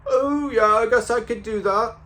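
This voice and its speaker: A man doing an impression of a gentle, polite Liverpool musician with a put-on Liverpool accent and a high, thin voice. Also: normal speed. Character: impression of a famous singer, Liverpool lad, gentle and upset.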